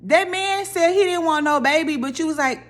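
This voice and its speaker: A young woman holds forth on a reality series in a casual, opinionated rant. Her delivery is animated, and her voice leaps up sharply whenever she acts out what someone else said. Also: high voice, moderate pace. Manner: animated, opinionated, dramatic voice jumps when quoting people. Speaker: reality TV commentator.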